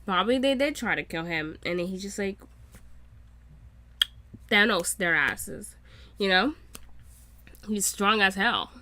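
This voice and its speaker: Excitable, foul-mouthed woman reacting. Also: mid-range voice, a little slow, pauses often, a little hiss or hum. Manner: excitable, swears freely. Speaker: reaction YouTuber. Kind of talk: casual reaction commentary.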